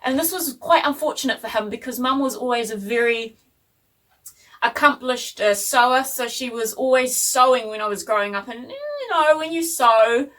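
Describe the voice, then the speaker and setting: A woman chats through a home vlog, animated and self-deprecating. Her voice sits fairly high. She is recorded on a phone a little away from her. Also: far from the mic. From New Zealand. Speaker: vlogger. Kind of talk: chatty home vlog storytelling. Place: home workspace.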